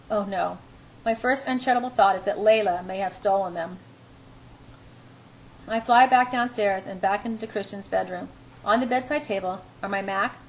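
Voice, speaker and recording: A woman's voice: mid-range voice, slight background noise, low-quality recording. A woman reading a novel in the first person, narrating her inner thoughts wryly, with small restarts. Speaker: audiobook reader.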